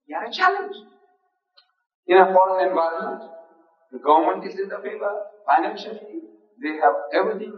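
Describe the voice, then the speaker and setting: A man giving an emphatic, repetitive religious lecture to an audience in a large hall. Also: a little high. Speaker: Islamic lecturer. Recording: dull, echoey hall recording from far off.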